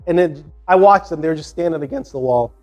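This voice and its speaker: Jamaican man in his sixties, high voice for a man, rambling storyteller, lots of restarts, soft music underneath. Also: quick pace, dull audio. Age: 60s. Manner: rambling, with frequent restarts and "you know" asides. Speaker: podcast host. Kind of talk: casual storytelling monologue.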